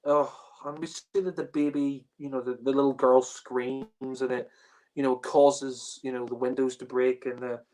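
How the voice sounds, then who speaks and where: A man's voice: medium pitch, little pitch movement, moderate pace, darkish tone. Man, casual review rant, exasperated, swearing, lots of fillers, laughs often.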